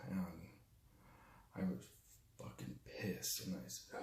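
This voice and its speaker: A young man telling a personal story in a halting, raw way, full of restarts and swearing. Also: deep voice, steady tone, gravelly, darkish tone, roomy sound. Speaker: storyteller recounting his father's death. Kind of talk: personal spoken testimony.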